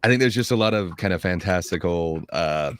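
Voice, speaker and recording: A man with a very low voice in a casual online film discussion. His sound is dry and close, and he talks through his thoughts in a rambling, reflective way. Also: expressive, a little fast, fairly bright tone, clear, resonant tone, no room sound. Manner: thoughtful, rambling analysis with fillers.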